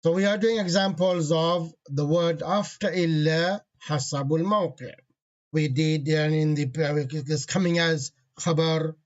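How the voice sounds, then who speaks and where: A man teaching an online grammar lesson, patiently repeating key terms and running quickly through analysis phrases. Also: a little high, muffled recording.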